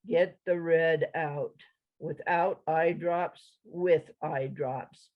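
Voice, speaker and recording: A woman reader imitating a mournful male commercial pitchman who speaks in a slow, lugubrious monotone. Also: narrow, tinny audio. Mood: droning.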